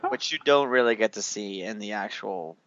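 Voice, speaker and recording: A man hosting a casual chat, retelling scenes with animated energy, acting out lines and swearing casually, on a dull, dry recording. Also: fairly low pitch, moderate pace, no echo. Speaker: podcast host recapping an anime.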